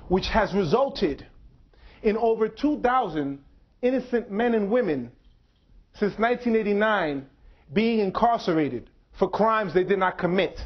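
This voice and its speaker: A man speaking slowly and deliberately to an audience at a university, telling his own story. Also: high-pitched, highs cut off. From United States. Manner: slow, measured, deliberate delivery. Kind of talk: public talk. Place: university lecture hall.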